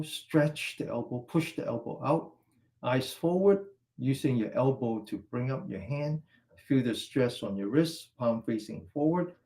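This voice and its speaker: A man guiding a qigong exercise class, calmly cueing each stretch and breath step by step. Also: mid-range voice, gravelly. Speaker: qigong instructor. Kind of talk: guided exercise class instruction.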